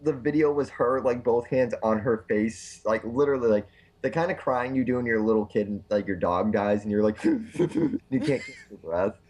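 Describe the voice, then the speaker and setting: A man co-hosting a podcast, telling profane, animated stories with a chesty cough. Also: on the low side, a little fast. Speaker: podcast co-host. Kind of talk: casual chat.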